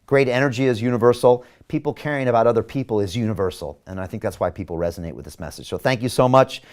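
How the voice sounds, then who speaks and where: An emphatic man delivers a campaign address straight to his viewers, his voice sitting at an ordinary middle pitch. He hosts the show himself and keeps rallying his audience with repeated rhetorical questions. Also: fast talker, a little mellow. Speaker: mayoral candidate and show host.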